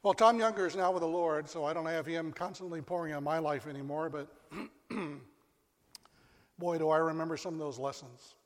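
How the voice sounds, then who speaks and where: A male pastor preaching a sermon, telling a story with dramatic pauses and dropping to a hush. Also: on the high side, fairly even intonation. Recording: long reverb of a large hall.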